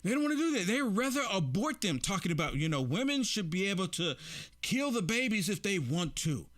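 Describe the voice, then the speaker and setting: High-voiced, emphatic male commentator. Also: very animated, fairly quick, a bit bright. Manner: emphatic, repeats rhetorical questions to viewers. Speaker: political commentary host. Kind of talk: opinion commentary reacting to clips.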